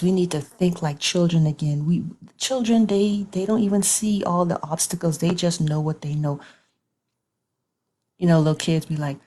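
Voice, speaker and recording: A woman's voice: low voice, warm tone. A woman giving an informal online sermon as a Bible teacher, conversational and repetitive, with colloquial grammar.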